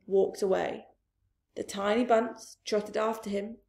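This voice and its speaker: A woman reads a children's story aloud at a very unhurried pace, slipping into hushed asides. Her fairly high voice has a gravelly, fry-touched texture. The recording sounds roomy and echoey. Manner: slow, expressive reading with hushed asides.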